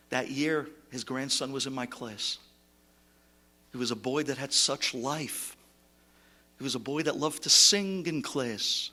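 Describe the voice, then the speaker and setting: A male rabbi giving an impassioned eulogy sermon. He swings between shouting and hushed tones and sprinkles in Hebrew terms. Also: medium pitch, a little slow, pauses often.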